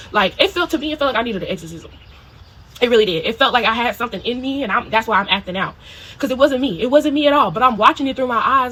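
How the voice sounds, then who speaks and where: A woman with a slightly high voice rattles off a personal story for her spiritual video diary, casual and lively. Swear words come freely, as do her habitual "you know" and "okay?". It's a rough recording.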